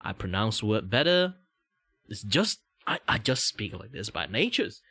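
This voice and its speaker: A man from Malaysia with a Malaysian English accent, chatting slowly and methodically on a stream, rambling and swearing. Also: on the low side, big pitch swings, pushed and bright, husky, dry recording. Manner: slow, drawn-out, rambling with swearing. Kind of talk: casual stream chat.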